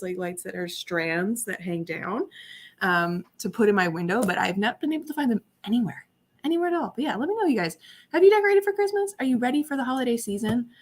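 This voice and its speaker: A young woman hosting a casual livestream from her apartment, chatty and giggly as she talks to her viewers. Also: medium pitch. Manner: chatty and giggly, talking to chat. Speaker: livestream host.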